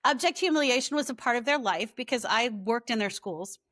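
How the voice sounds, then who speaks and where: Lively middle-aged woman telling stories. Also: fairly high pitch, brisk, dry recording, studio quality. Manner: lively storyteller, animated quoting. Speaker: podcast guest, author. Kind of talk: casual interview chat.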